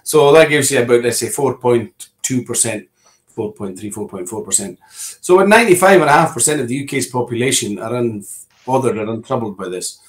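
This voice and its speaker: A man's voice: mid-range voice, expressive, brisk. A middle-aged Scottish man, a politician talking as an interview guest in a discursive way, often restarting and repeating words.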